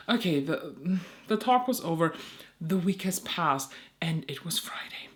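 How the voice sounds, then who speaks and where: A woman's voice: lowish voice, animated, moderate pace. A young woman, a beauty content creator, telling an exasperated story in a casual vlog, swearing often and acting out both sides of phone calls.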